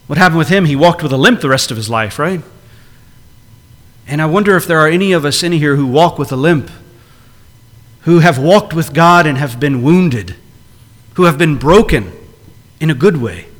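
High-pitched guy preaching, earnest and emphatic, lots of reverb like a big church hall. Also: expressive, normal speed, long pauses, a bit bright. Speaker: pastor. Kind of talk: sermon. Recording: long reverb of a large hall.

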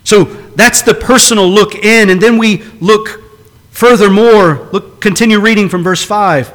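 A man preaching a sermon to a congregation in a church hall, with a high, bright voice. He presses his points earnestly, stacking repeated phrases for emphasis. The sound carries a long reverb from the large room. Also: unhurried. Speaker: pastor.

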